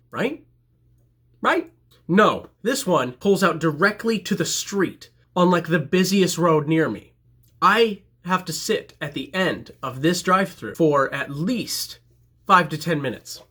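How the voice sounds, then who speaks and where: A man telling a comedic story about himself in an animated, self-mocking way. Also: a little high.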